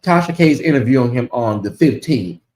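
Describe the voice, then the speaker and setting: A man hosting his own livestream, chatting casually and reacting out loud to messages from viewers. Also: medium pitch, fairly quick, roomy sound, poor audio. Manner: chatty, animated, reacts aloud to comments. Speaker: channel host.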